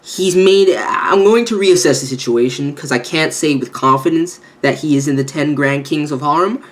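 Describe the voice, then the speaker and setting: A man reviewing an anime episode with hyped, animated energy, swearing freely and jumping into exaggerated quoted reactions. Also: a little high, normal speed. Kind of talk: excited video review commentary.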